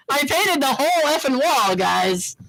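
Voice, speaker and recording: A woman co-hosting a podcast in casual chat, chatty and quick to laugh. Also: high voice, creaky, rough recording. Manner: animated, laughs often, chatty. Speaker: podcast co-host.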